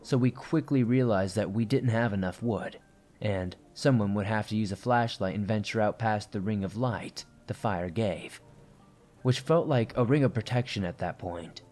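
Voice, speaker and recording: A man narrating a first-person horror story in a steady, tense storytelling manner. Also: fairly low pitch, moderate pace.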